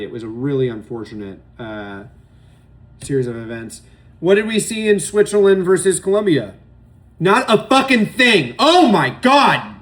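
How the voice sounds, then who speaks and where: A man's voice: medium pitch, a little mellow. A young man giving loose, opinionated solo commentary on football matches, rambling and swearing often. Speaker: sports podcast host. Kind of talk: casual solo sports commentary.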